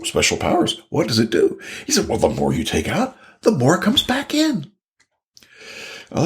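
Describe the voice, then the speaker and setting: A middle-aged man telling a fairy tale, animated, jumping high in pitch for quoted voices. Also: creaky. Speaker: storyteller.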